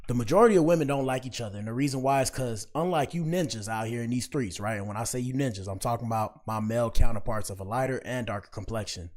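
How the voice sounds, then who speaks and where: A man's voice: medium pitch, fast, few pauses, darkish tone. A man hosting a podcast, talking alone in casual slang, preachy and given to repeating himself. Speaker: podcast host. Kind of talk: casual commentary monologue.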